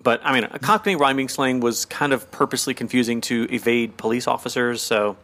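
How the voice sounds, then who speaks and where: A man's voice: medium pitch, brisk, a bit bright. Guy cohosting a podcast, chatty, lots of likes and ums, gushy about the show. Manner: chatty, many fillers, gushing. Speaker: podcast co-host. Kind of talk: casual chat recapping a sitcom episode.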